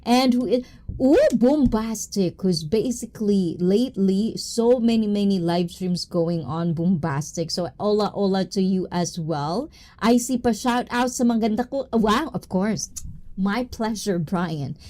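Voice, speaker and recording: A woman's voice: mid-range voice, unhurried, mellow. A woman hosting a casual livestream, greeting viewers one by one in a bubbly, playful way, mixing English with Tagalog and Japanese phrases. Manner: giggly, with frequent catchphrases. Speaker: livestream host.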